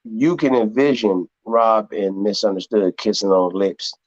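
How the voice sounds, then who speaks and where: A man speaking as a guest on a live online panel, rambling and halting as he defends himself. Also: on the low side, a little mellow, no echo. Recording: dull, dry, lo-fi call audio.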